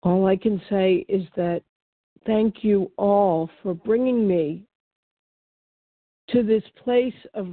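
A woman speaks slowly and haltingly over a video call, repeating words as she goes. Her pitch sits mid-range. The sound is narrow and phone-like, with a dry, close feel. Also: dry recording. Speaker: meeting member sharing. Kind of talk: personal recovery share. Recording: tinny phone-like call audio.

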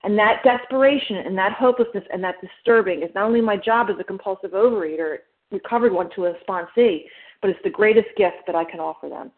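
Emphatic New Jersey woman on a phone line. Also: medium pitch. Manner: emphatic, fast-talking, explains step by step. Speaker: meeting member sharing. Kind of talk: personal share at a recovery meeting.

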